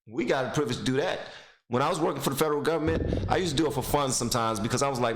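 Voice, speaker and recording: A man's voice: mid-range voice, rapid-fire, roomy sound, background noise. A man giving blunt, mocking casual commentary while reacting to a video clip, rambling into stories.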